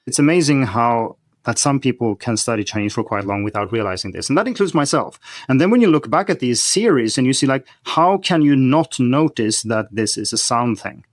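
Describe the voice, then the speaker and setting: A man's voice: mid-range voice, animated, a little fast, few pauses, no room sound, studio quality. A man speaking as a podcast guest, explaining a language-learning topic in a methodical, teacherly way. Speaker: guest expert on learning Chinese. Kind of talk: podcast conversation.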